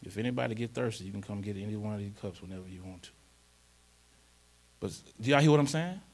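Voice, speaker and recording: In a church, a pastor with a lowish voice preaches at a quick pace, with a little hiss or hum in the audio. His sermon is conversational; he often asks if the congregation follows him, and he turns emphatic and louder during scripture readings.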